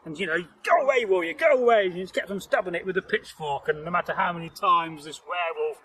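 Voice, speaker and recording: A man's voice: on the high side, fairly even intonation, fast, sharp tone, slight background noise, low-quality recording. A man casually telling a folktale outdoors, rambling and jokey with many "you know" asides. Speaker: storyteller host. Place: outdoors in nature.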